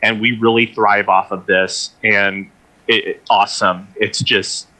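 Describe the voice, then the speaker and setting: A man organizing a convention, giving earnest, halting thanks on a livestream. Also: on the low side, flat delivery, sharp tone, rough recording. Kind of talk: casual livestream closing remarks.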